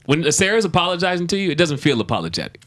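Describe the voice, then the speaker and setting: A man's voice: on the high side, racing, background noise. A man who is a guest on a panel, chatting casually and acting out other people's lines as he tells stories. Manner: animated storyteller, acts out others' lines. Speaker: real estate agent guest.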